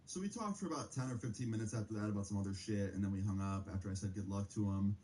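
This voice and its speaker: A man's voice: fairly low pitch, very fast, mellow, a little hiss or hum, poor audio. A young man casually telling a personal story on a live stream, full of slang and filler words. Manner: casual, slangy, lots of "like" and "bro".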